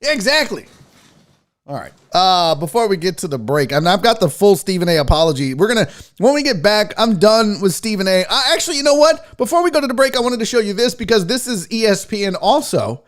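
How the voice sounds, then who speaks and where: Very animated and fairly quick, a high-voiced man from the American South runs a casual sports talk livestream. He's brash and profane, joking around and chatting with the people watching.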